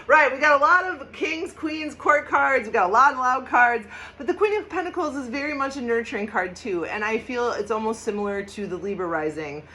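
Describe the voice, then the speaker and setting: A woman's voice: on the high side, a little fast, slight background noise, rough recording. A woman hosting a casual tarot and astrology reading, chatty and emphatic, laughing often. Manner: chatty and emphatic, laughs often, bursts into loud mock shouts.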